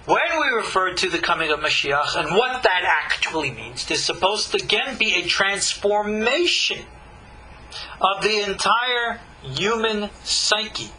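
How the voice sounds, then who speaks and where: A man, a rabbi, teaching a Torah class in an emphatic lecturing style with long dramatic pauses and rhetorical questions. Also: high voice, sharp tone, slight background noise, low-quality recording.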